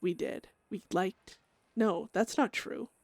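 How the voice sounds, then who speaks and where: A woman's voice: medium pitch, animated, slow, gravelly, no room sound, full character voice. A woman voicing a haunted outlaw woman's journal. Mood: tormented. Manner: brooding, hushed inner monologue, breaking into whispers. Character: haunted, grieving young woman outlaw, torn by inner voices. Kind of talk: reading a character's journal aloud.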